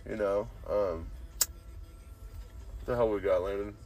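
A man's voice: on the low side, steady tone, slow pace, mellow. A young man hosting a podcast, telling rambling, profane stories and saying "dude" constantly. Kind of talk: casual storytelling chat.

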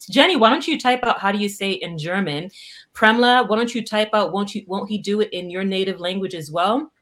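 A woman hosting a livestream devotional, animated, greeting viewers by name and laughing often, a Haitian Creole speaker. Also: mid-range voice. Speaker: prayer livestream host.

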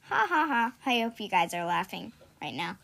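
A woman's voice: medium pitch, very animated, moderate pace, gravelly, heavy background noise. A young woman co-hosting a casual podcast, reading jokes aloud and explaining the punchlines with lots of giggling. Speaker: podcast co-host.

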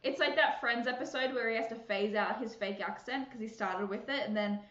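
A woman's voice: on the high side, fairly quick, a bit bright. A woman hosting a casual Christian podcast, bubbly and chatty, laughing often and filling gaps with fillers and restarts. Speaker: podcast host. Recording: echoey room, muffled sound.

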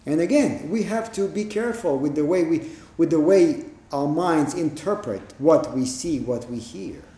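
A man giving a Zen dharma talk, plain-spoken and emphatic, with pauses and rhetorical questions, in a meditation hall. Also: on the high side, expressive, mellow. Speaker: Zen teacher.

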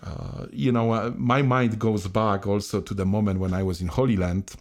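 Priest co-host, halting and hesitant, very low voice. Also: male voice, fairly even intonation, a little mellow. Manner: halting, many restarts and fillers. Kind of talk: conversational reflection.

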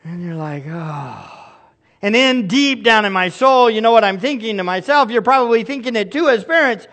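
A man's voice: very high voice, lively intonation, brisk, a bit bright. A man in middle age, a pastor preaching a sermon in an earnest, emphatic way with pleading asides.

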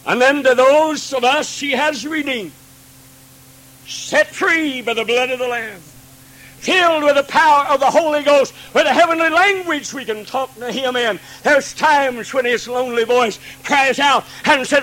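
A man preaching a Pentecostal sermon, swinging from hushed pleading to ringing cries and acting out God's pleading voice. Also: very high voice, a little slow, low-quality recording.

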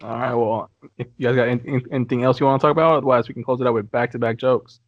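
A man's voice: mid-range voice, fairly even intonation, racing, no room sound, lo-fi sound. A man hosting a casual podcast, telling crude jokes and laughing through his own punchlines. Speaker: podcast host.

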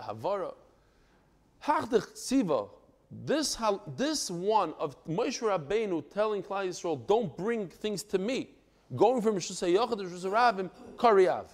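A man from Brooklyn, New York, teaching a Talmud class in a lively, digressive way, breaking into joking stories. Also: high-pitched. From United States (Brooklyn, New York).

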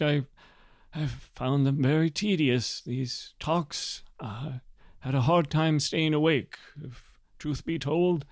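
A man's voice: on the high side, darkish tone, no room sound, clean studio sound, pitched above the performer's own voice. A man voicing a weary, grieving older lord who stammers and hesitates.

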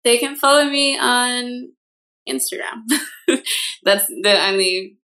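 A woman's voice: on the high side, slow, bright, forceful tone. A woman guest on a podcast, speaking in a loose, chatty way with frequent fillers. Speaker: guest artist. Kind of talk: casual interview chat.

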